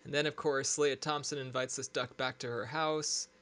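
Mid-pitched man, casual podcast co-host, chatty and joking. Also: fairly even intonation, moderate pace, fairly bright tone. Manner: chatty, heavy use of "like", jokey. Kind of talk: casual movie discussion.

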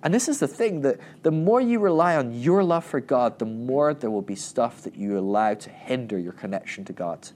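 Over slight background noise, a man with a mid-range voice delivers a relaxed, funny Bible teaching. This Christian teacher jokes around and performs the quotes he cites, raising his voice for them.

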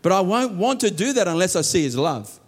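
Very animated and a little fast, a man gives a sermon full of earnest stress. He regularly lowers his voice to a soft, deep hush and speaks sincere prayers aloud.

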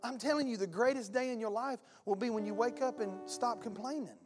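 A man's voice: extremely high pitch, a little fast. Male pastor, colloquial and impassioned sermon delivery, long church-hall reverb, faint guitar behind.

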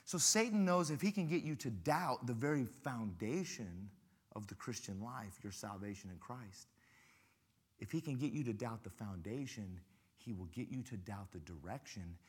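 This man's lowish, husky voice carries a guest sermon full of funny stories. He's animated and repeats phrases to drive his points home.

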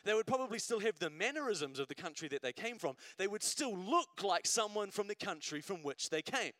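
A male preacher delivers a sermon in a relaxed, conversational way and keeps asking the congregation "right?". His voice sits a little high, and the sound is dry and close. He builds to emphatic repeated phrases. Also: fairly quick, no room sound. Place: church service.

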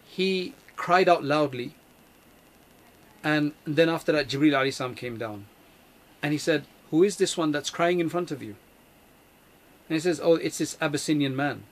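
A man giving a religious lesson in an earnest, emphatic way, repeating key phrases and reciting Arabic verses quickly. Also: a little high. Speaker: Islamic teacher.

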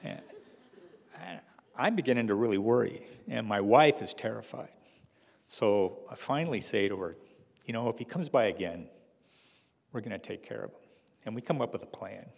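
A middle-aged man telling a personal story to an audience in a wry, halting way, with restarts and fillers. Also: on the low side, expressive, vocal fry, in a large hall.

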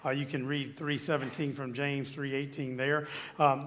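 A man's voice: medium pitch, level tone, moderate pace, fairly bright tone. A man preaching a sermon on relationships, reading verses and asking his listeners questions. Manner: teaching with scripture, asks the audience questions. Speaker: pastor.

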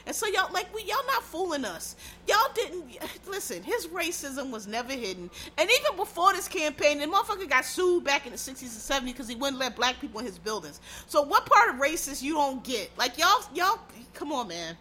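A woman's voice: sits high, very animated, moderate pace, few pauses, sharp tone, a little hiss or hum. Blunt, profane woman ranting. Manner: blunt, profane, heated and sarcastic. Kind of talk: casual ranting commentary.

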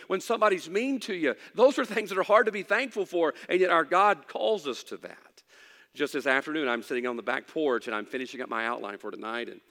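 A middle-aged man preaching a sermon in a church, his voice sitting a little high for a man. He swings between emphatic preaching and relaxed, folksy storytelling. A long reverb trails behind his words. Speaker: pastor.

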